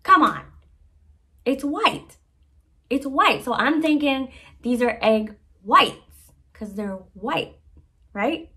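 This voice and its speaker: A woman with a somewhat high voice spins a casual story to her viewers. Her talk is slangy and laid-back, and she pokes fun at herself as she goes. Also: sing-song, slow, pauses often, pushed and bright. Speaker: vlogger.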